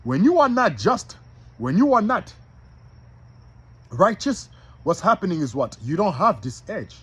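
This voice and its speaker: A man preaches in an emphatic, repetitive way and speaks straight to his listeners. His voice is high for a man and swoops up and down. The tone is husky. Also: very animated, unhurried. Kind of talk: informal sermon with scripture reading.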